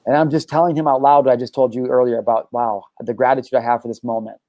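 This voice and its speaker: A young adult man hosting a podcast, telling stories in an excitable, profane, casual way, full of bro and dude. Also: mid-range voice, fast, dry recording, dull audio. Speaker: podcast host. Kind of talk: casual chat.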